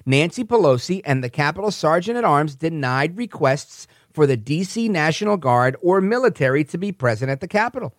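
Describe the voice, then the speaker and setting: A man's voice: fairly high pitch, animated, brisk, hardly any pauses, dry recording, studio quality, pitched above the performer's own voice, lightly acted. Man doing a bombastic older politician impression. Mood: indignant. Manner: bombastic, emphatic.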